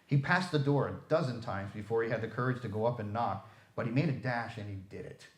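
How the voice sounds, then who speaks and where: A man reading a classic story aloud with expressive, theatrical delivery in a library room. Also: medium pitch, fairly quick. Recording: echoey room.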